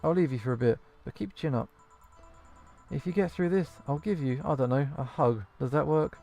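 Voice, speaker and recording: A man reading as a calm, reassuring bar boss woman from a video game. His voice is low in tone and gravelly, with faint game music behind. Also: brisk. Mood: encouraging. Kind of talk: reading game dialogue aloud.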